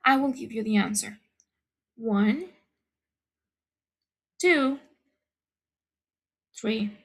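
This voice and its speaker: Slow, patient high-voiced woman teacher. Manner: patient, deliberate, repeats key points. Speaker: English teacher. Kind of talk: slow, careful lesson explanation.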